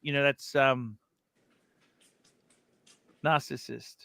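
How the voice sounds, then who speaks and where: A man's voice: medium pitch, steady tone, very slow, gravelly, a bit bright, dry recording. A man hosting a casual livestream, animatedly retelling a feud. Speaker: livestream host.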